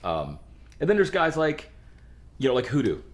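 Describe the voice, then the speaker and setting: A man from the Pittsburgh area, a musician guest on a podcast, telling band stories in an animated, rambling way with frequent restarts. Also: medium pitch, moderate pace. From Pittsburgh area, USA. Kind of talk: casual chat.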